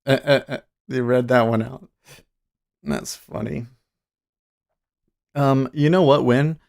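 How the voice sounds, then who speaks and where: Gravelly-voiced man chatting on a livestream. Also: medium pitch, steady tone, takes it slowly, darkish tone. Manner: chatty, laughs often, trails off mid-thought. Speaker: streamer and day trader. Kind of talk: casual livestream commentary.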